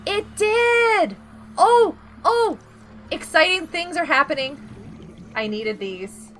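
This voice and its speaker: A young woman streaming a video game, chatting casually and getting excitable, with frequent gasps and giggles. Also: very high voice, drawn-out words, soft background music. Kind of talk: casual live gameplay chat.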